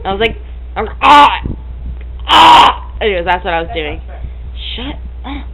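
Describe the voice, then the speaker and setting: A woman's voice: lowish voice, animated, a little fast, very noisy. Hyper, giggly teenage girl rambling. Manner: hyper, giggly, rambling, making silly noises. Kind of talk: casual chat to camera.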